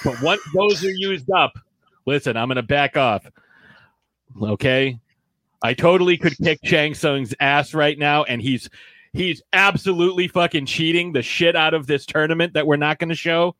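A man's voice: fairly high pitch, moderate pace, a bit bright, dry recording. A man in casual, profane podcast chat, given to sarcastic impressions.

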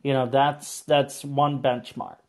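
A man's voice: mid-range voice, little pitch movement, slow, a little mellow. Man steering a casual sports chat. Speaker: podcast co-host.

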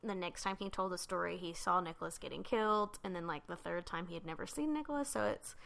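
A woman's voice: fairly low pitch, fast, creaky, a bit bright. A young adult woman co-hosting a casual true-crime podcast, blunt and casually swearing. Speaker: podcast co-host.

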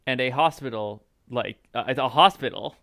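A man's voice: medium pitch, moderate pace, pushed and bright, no echo, studio quality. A man co-hosting a casual podcast, cutting in with questions. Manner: questioning, cuts in. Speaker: podcast co-host. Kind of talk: casual chat.

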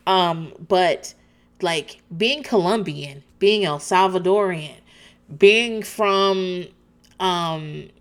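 Very slow and smooth, with a fairly low pitch, a woman chats candidly and animatedly while recapping a TV show. Her sentences frequently restart, punctuated by bursts of laughter.

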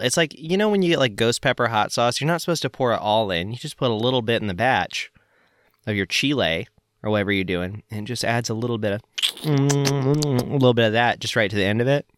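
A man's voice: mid-range voice, animated, brisk, fairly bright tone, no echo, studio quality. Rambling Southern man hosting a podcast. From northern Florida. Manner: rambling, joking, many fillers. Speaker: podcast host. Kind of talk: casual chat.

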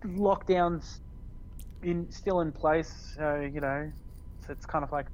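A man's voice: a little high, slow pace, a little mellow, muffled recording, a little hiss or hum. A man with an Australian accent co-hosting a gaming podcast, talking in a laid-back, meandering way with many fillers. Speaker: podcast co-host. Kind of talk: casual chat.

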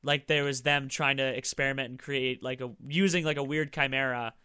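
A man chatting casually about games, quick and enthusiastic, swearing freely. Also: medium pitch, steady tone, bright, forceful tone, smooth, no room sound, clean studio sound.

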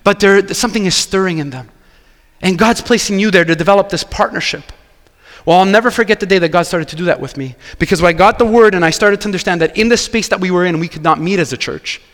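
High-voiced pastor preaching. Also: male voice, fast, in a large hall. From Quebec. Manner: animated storytelling, acting out dialogue. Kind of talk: sermon.

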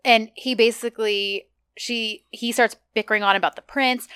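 Mulher animada recontando cenas, som seco. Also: female voice, fairly high pitch, moderate pace, clean tone, dry recording, studio quality. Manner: chatty, animated retelling with quoted lines. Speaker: podcast co-host. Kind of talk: casual recap chat.

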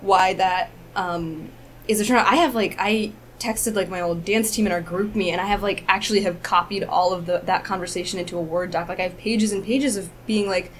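Woman, quick rambling talk, lots of fillers, casual podcast chat, faint room noise behind. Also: mid-range voice, fairly even intonation. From United States. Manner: fast, rambling, frequent "like". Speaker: podcast guest, filmmaker.

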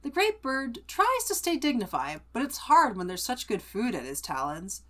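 A woman co-hosting a podcast, summarizing a book in animated, chatty casual talk. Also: on the high side, moderate pace. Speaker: podcast co-host.

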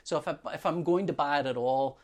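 A woman, co-hosting a casual podcast chat as an animated storyteller who laughs often. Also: deep voice, quick pace. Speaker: podcast co-host.

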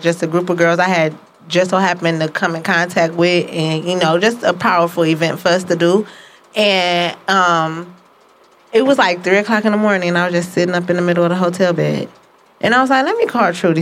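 A woman's voice: fairly low pitch, a little hiss or hum. A woman co-hosting a casual talk show, telling stories candidly and often checking in with "you know what I'm saying". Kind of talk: casual conversation.

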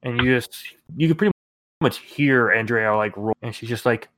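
A man running a tabletop game as game master, narrating scenes in a relaxed, filler-heavy way. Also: medium pitch, moderate pace, no echo. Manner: relaxed storytelling with many fillers.

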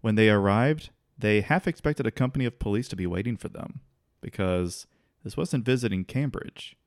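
Low-voiced man telling a story. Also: moderate pace, no room sound, studio quality. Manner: relaxed, occasional restarts, laughs while telling. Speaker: podcast co-host telling a history story. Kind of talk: casual storytelling chat.

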